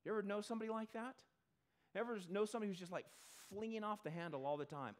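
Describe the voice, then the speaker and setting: A male pastor giving a conversational sermon to a congregation in a church, talking in an animated way. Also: sits high. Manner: animated, acts out quick character voices.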